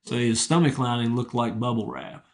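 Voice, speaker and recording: A man's voice: mid-range voice, normal speed. A middle-aged man, a retired wrestling coach, telling humble, straightforward stories in a casual interview. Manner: humble, straightforward, rambling anecdotes.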